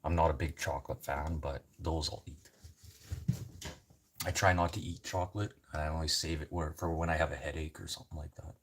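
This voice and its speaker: A man's voice: rumbling low, flat delivery, fairly quick, breathy edge. A man, a livestreamer chatting with viewers and rambling through stories with lots of swearing. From Canada. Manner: profane, rambling storyteller. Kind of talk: casual chat with viewers.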